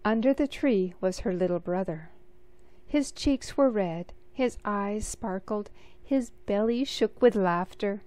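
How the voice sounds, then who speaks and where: A woman reads a picture book aloud. Her delivery is slow and expressive, in a mid-pitched voice. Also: no room sound. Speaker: storybook reader.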